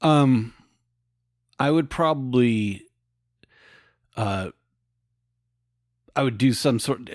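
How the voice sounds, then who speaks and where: A man's voice: mid-range voice, drawn-out words, pauses often, no echo, studio quality. A man playing in a tabletop game, talking casually and rambling with lots of fillers. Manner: rambling, full of fillers like "you know, like". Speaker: player.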